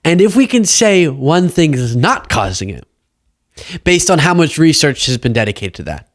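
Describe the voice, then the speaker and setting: A man's voice: fairly high pitch, big pitch swings, moderate pace, no echo, studio quality. A young man hosting a political commentary show, talking casually and sarcastically and laughing often.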